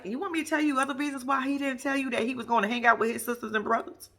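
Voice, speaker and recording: A woman's voice: very fast, hardly any pauses. A woman giving blunt, sassy, profane running commentary as a recap vlog host. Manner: lively, swoops high for asides.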